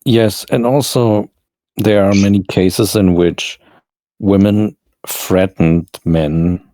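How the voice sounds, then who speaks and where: Deep, dark-voiced blunt man. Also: fairly even intonation, slow pace, no room sound. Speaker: podcast co-host. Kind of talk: casual reaction chat.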